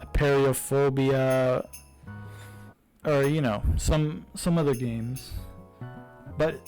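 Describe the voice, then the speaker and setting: A man's voice: medium pitch, fairly even intonation, slow pace, darkish tone, soft background music, poor audio. A young man casually reviewing a game series, rambling with many fillers and restarts. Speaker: YouTuber reviewing games.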